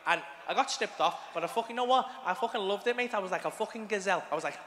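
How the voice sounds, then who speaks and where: A man's voice: high-pitched, fast talker, fairly bright tone, a little hiss or hum. A man doing a sweary stand-up routine on a comedy club stage, bantering with the crowd. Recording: live club room with reverb and faint ambience.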